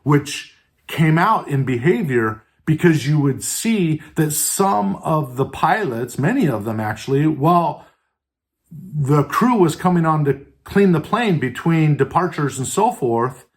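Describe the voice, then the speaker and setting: On his podcast, a man with a voice on the high side speaks in an animated, unhurried way about leadership. It's an earnest pep talk: he asks listeners questions, uses tone to stress words, and repeatedly tacks on "right?" and "and so forth."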